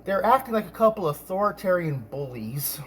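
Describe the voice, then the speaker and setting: A man telling a story in an angry rant, stammering and repeating himself, now and then bursting into shouts. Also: high-pitched, very animated, normal speed, breathy edge. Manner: many restarts and stammered repeats. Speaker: vlogger.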